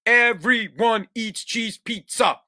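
A man's voice: very high voice, slow, sharp tone, dry recording, studio quality. A man hosting a solo podcast from home, ranting in a profane, exasperated way. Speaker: podcast host.

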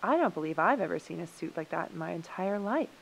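A woman voicing a calm, helpful female raven in a storybook reading, speaking in a polite, measured way. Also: lowish voice, vocal fry, a little hiss or hum, low-quality recording. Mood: composed.

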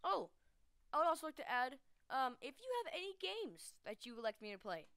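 Excitable high-voiced woman playing games. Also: a little fast, clear, resonant tone, dry recording, studio quality. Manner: excitable and chatty, jumping from yelps to low mutters. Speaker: gamer hosting her own channel. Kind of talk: casual gameplay commentary.

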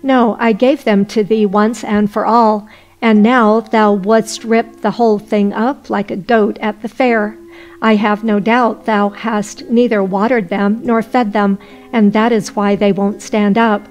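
A woman voicing a greedy, quick-tempered rich man in a folk tale, speaking in old-fashioned, scolding phrases. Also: mid-range voice, level tone, darkish tone, highs cut off, faint music behind, close to an everyday voice. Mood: angry scolding.

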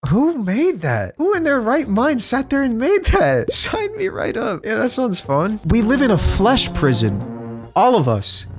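A man streaming casually while high, animated and giggly, swearing freely as he chats. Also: measured pace, faint music behind. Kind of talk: casual livestream chat.

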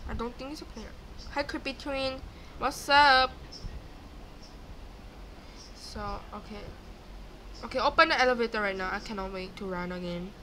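A young woman giving live gameplay commentary, excitable and chatty, talking back to game characters. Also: medium pitch, fast talker, slight background noise. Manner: excitable, screams and gasps, talks to game characters. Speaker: gaming YouTuber.

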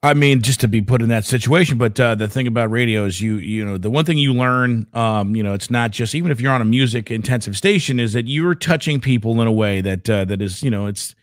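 A podcast host asking a long, halting interview question with frequent restarts. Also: male voice, medium pitch, dry recording, clean studio sound.

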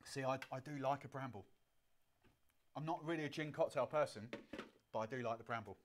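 A woman's voice: very deep voice, a little fast, slight background noise. A woman hosting a live cocktail show, chatting and joking easily and laughing often. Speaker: host and cocktail instructor. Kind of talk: casual live-stream chat.

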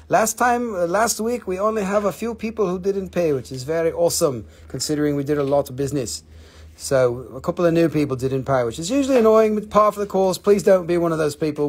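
A man hosting a live crystal sale, joking and swearing casually in loose, offhand phrasing. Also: high voice. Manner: joking, profane, loose non-native phrasing.

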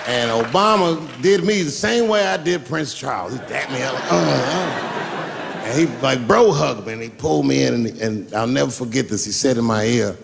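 A man's voice: medium pitch, a little fast, vocal fry, few pauses, a crowd in the background, background noise. A man doing stand-up comedy, telling a long story loosely and profanely and acting out the people in it. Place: live comedy stage.

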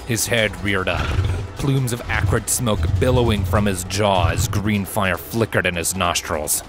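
A man reading fan fiction aloud in a steady, measured audiobook narration. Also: fairly low pitch, over music. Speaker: fanfiction reader.

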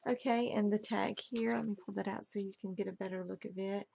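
A woman's voice: medium pitch, fairly even intonation, brisk, creaky, a little hiss or hum. A woman casually showing off a handmade album she crafted, gushing over every detail. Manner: gushing, admiring each detail. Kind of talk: casual craft show-and-tell.

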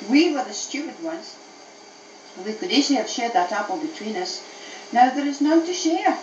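A woman's voice: high voice, very animated, normal speed, a little mellow, slight background noise, pitched above the performer's own voice. A woman voicing a cross female wasp in a storybook, speaking in a snappy way, heard from an old cassette tape. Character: angry buzzing female wasp. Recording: echoey, distant, dull old cassette tape.

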